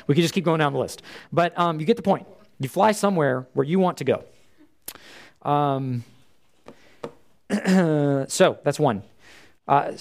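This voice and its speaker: Earnest man giving a church talk. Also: on the high side. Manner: earnest, conversational, many fillers.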